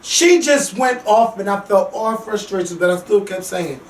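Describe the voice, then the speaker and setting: A man hosting a casual talk show, ranting bluntly and profanely about reality TV, with lively swings in loudness. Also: high voice, normal speed. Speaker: podcast host. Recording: echoey room, mic at a distance.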